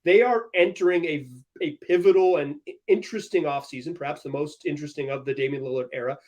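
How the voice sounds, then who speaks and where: A man's voice: a little high, fast talker. A young man hosting a sports podcast, telling stories energetically and laughing as he goes. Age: young adult. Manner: energetic, animated, laughing storyteller. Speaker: podcast host. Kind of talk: casual sports podcast chat.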